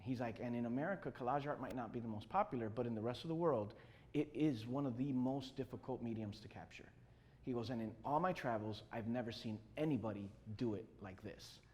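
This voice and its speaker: A man's voice: medium pitch, brisk, in a large hall. A man from Chicago with a Chicago accent, telling a personal story on stage and acting out the voices of the people in it. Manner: animated storyteller acting out dialogue, frequent "you know". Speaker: speaker telling his life story.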